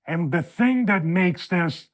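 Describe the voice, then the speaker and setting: A man's voice: high-pitched, takes it slowly. Man in a fired-up analytical rant. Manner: animated, building into a fired-up rant. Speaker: host, professional wrestler analyzing matches. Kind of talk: video breakdown commentary. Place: home studio.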